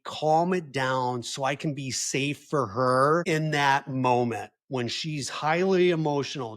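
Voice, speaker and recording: A man speaking earnestly and gently to other partners, repeating key words for emphasis as he gives advice. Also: mid-range voice. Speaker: husband of a trauma survivor giving advice to partners. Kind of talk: earnest personal advice talk.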